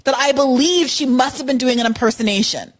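Emphatic, high-voiced woman. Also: brisk. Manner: opinionated, emphatic, lots of "like" and "I'm sorry". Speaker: podcast co-host. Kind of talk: casual chat. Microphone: podcast mic.

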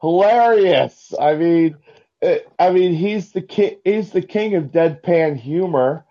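A man calling in to a live talk show, telling jokes in a halting way with many restarts. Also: on the high side, mellow. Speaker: caller. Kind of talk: casual call-in chat. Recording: dull lo-fi call-in line.

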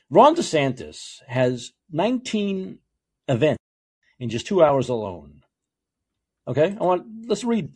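Man, talk show host, opinionated monologue, sarcastic, slightly raspy voice, loud and quiet by turns. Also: mid-range voice. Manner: sarcastic, swings between yelling and quiet mutters.

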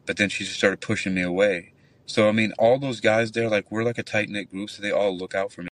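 A man's voice: fairly low pitch, brisk, dry recording, far from the mic. A man who works as a nightclub bouncer, telling a long, rambling, profane story in casual call-in chat. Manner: rambling, profane, animated retelling.

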